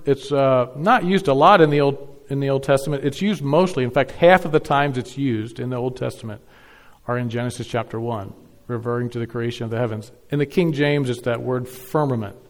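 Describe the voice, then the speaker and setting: A pastor giving a Sunday morning sermon, stressing key words with repetition and swinging between loud and soft delivery. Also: male voice, medium pitch, in a large hall. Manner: emphatic, repeats key words, varies loudness widely.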